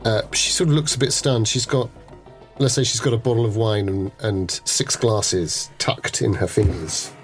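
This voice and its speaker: A man's voice: on the low side, fairly even intonation, moderate pace. A man narrating a tabletop horror game as game master, often laughing and restarting his sentences. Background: background music.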